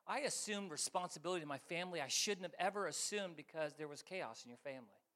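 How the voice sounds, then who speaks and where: High, bright-voiced animated male preacher. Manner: animated, acts out voices, jumps between loud and quiet. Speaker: guest speaker, pastor. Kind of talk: sermon with storytelling.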